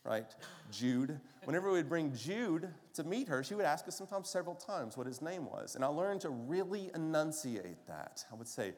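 Pastor preaching in an echoing hall. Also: male voice, on the high side, big pitch swings, normal speed, hardly any pauses. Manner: conversational storytelling with rhetorical questions. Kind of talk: sermon. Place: church sanctuary. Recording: long reverb of a large hall.

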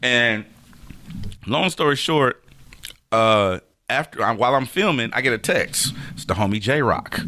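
A man co-hosting a podcast, telling animated stories full of profanity and acting out what people said. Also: mid-range voice, measured pace, no echo. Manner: animated, profane storyteller who acts out quotes. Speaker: podcast co-host, DJ. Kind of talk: casual chat, storytelling.

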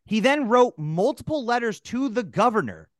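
A man's voice: very high-pitched, sing-song, moderate pace, dry recording, studio quality. A man co-hosting a podcast, casual comedic banter in a loose, profane, jokey way. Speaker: podcast co-host.

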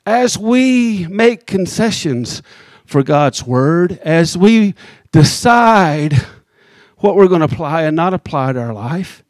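Male pastor, high-ish voice, conversational sermon delivery with slow emphatic beats, dry close recording. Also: very animated, dry recording. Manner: conversational preaching, teasing the congregation, slows down for emphasis.

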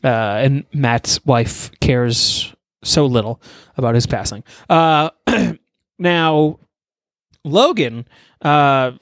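Young man, crude joking storyteller, rambling, lively pitch, dry close sound. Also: extremely slow, no room sound. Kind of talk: casual improvised storytelling.

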